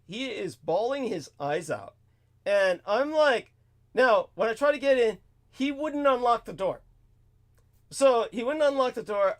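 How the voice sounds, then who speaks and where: A man's voice: high-pitched, fairly bright tone. A man hosting a talk show, telling a story in a profane, exasperated rant that swings between mutters and outbursts. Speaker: show host. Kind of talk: ranting storytelling monologue.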